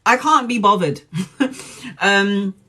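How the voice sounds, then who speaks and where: A woman's voice: medium pitch, takes it slowly, sharp tone. Chatty laughing woman. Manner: chatty, joking, laughs often. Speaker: tarot reader livestreaming to viewers. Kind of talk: casual live-stream chat.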